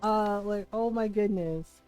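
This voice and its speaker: A woman game streamer chatting casually while she plays, animated, laughing often and swearing freely. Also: medium pitch, slow, smooth, soft background music. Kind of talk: casual chat while playing a life-sim game.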